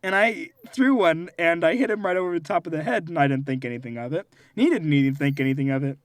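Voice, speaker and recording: A young man with a fairly high voice tells a story on a podcast late at night. He sounds tired and near tears but stays animated and laughs often. The sound is dry and close. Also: quick pace, dry recording. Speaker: podcast co-host. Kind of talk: casual late-night chat.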